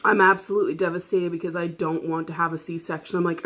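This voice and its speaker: A woman's voice: fairly low pitch, fairly even intonation, quick pace, fairly bright tone. A woman vlogger telling a personal story in casual chat, rambling, swearing freely and laughing often.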